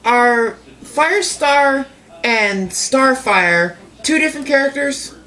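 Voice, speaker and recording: A woman in casual chat as a co-host, enthusiastic and quick to ask questions. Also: sits high, expressive, bright, forceful tone.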